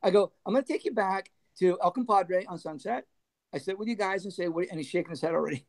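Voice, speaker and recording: A middle-aged man with a notably high speaking voice spins road stories from his years managing a band. He laughs often and throws himself into acting out the dialogue, shouting and whispering the lines of the people in his tales. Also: quick pace. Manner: animated storyteller who laughs often and acts out quoted dialogue. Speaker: former band manager, interview guest. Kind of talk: casual storytelling interview.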